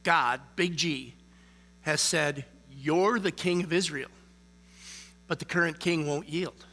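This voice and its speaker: A man's voice: fairly high pitch, slow, bright, forceful tone. A man preaching a sermon in a casual, conversational way, often checking in with the listeners by asking "okay?". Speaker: lay preacher.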